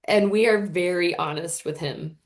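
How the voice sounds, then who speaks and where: A woman in her thirties, a podcast guest telling an emotional personal story in an earnest, animated way. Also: on the low side, moderate pace. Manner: earnest, animated, often voices others in quotes.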